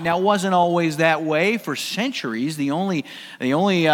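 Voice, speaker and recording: A man's voice: sits high, a bit bright, big-room sound. A man with an American accent preaching a sermon, talking in a casual, joking way with strong emphasis. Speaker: pastor. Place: church sanctuary.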